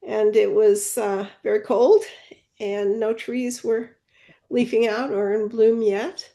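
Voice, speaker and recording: A woman with a higher voice and a gravelly edge describes her trip photos. Her tone is warm and mellow, and she talks in a plain, matter-of-fact way. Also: steady tone, slow pace. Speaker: seminar presenter. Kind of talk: casual presentation talk.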